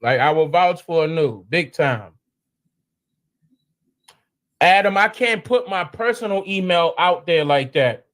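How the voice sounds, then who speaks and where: A man hosting a live stream in casual, slangy chat, animated and prone to sudden high exclamations. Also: unhurried, pauses often.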